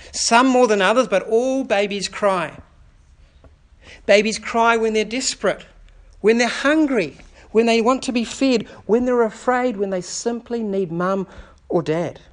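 A man preaching a sermon at a church service, speaking earnestly, often dropping to a soft, quiet delivery and building through repeated rhetorical questions. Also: high-pitched, takes it slowly. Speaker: pastor.

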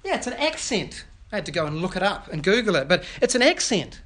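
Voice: mid-range voice, sing-song, fast, a bit bright. A pastor preaching an earnest sermon that explains scripture and puts questions to the children.

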